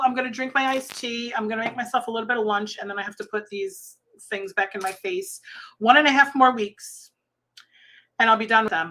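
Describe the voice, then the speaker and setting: Chatty bright-voiced woman rambling at home. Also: fairly high pitch. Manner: chatty, rambling, laughs often. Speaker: Scentsy consultant and channel host. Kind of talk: casual livestream chat.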